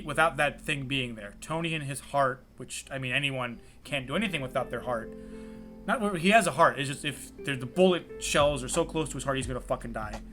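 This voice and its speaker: A young man co-hosting a podcast, chatting casually and animatedly, rambling and swearing often. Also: a little high. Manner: animated, swears a lot, rambling with many fillers. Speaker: podcast co-host. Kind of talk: casual chat. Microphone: remote call mic.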